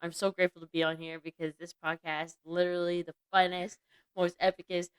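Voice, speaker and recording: A woman joins a casual podcast as a guest. Her voice is smooth and clear, and she banters playfully with the host. The sound is dry and close to the mic. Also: on the low side, level tone, a little fast, no room sound.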